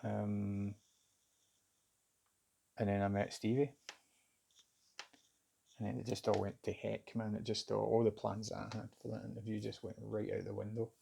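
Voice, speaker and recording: A Scottish man tells a personal story in a casual, rambling way, full of fillers and half-started sentences. His voice sits low and gravelly. His pitch barely moves. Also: flat delivery, moderate pace, pauses often, dark tone. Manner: rambling and hesitant, with many fillers and restarts. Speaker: vlogger recounting a job interview.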